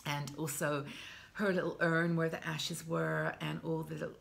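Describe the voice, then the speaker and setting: A woman in her sixties with a low voice and a gravelly touch of fry, talking straight to camera as a vlog host. She is chatty and heartfelt, often starting a phrase over as she goes. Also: little pitch movement, moderate pace, a bit bright. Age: 60s. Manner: chatty and heartfelt, with frequent restarts. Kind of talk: casual advice talk to camera.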